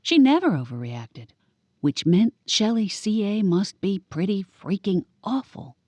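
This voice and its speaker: A woman narrating a cozy audiobook in the first person, giving each character a lively voice. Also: medium pitch, a little slow, no echo.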